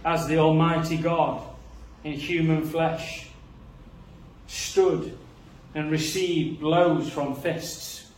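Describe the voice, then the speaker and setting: A man preaching a sermon, earnest, moving between quiet reflective passages and rising emphasis. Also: on the high side, steady tone, very slow, slight background noise. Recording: echoey room, voice a bit far from the mic.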